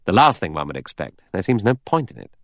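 A man voicing a cool, sardonic adventurer in an audiobook, brisk with sharp retorts. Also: deep voice, sing-song, no echo, studio quality, exaggerated voice.

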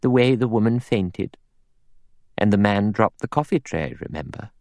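Male reader as a starchy elderly spinster, dry and clipped, soft and low, storybook reading, dry room. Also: lively intonation, normal speed, gravelly, no room sound. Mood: prim. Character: stern elderly spinster, prim and self-righteous.

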